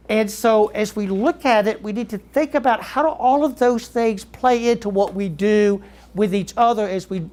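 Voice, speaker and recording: A middle-aged man from Southeast Georgia with a Georgia accent, giving a keynote speech to educators and telling lively stories that draw in the audience. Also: high-pitched. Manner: lively storyteller who quizzes the audience. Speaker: keynote speaker.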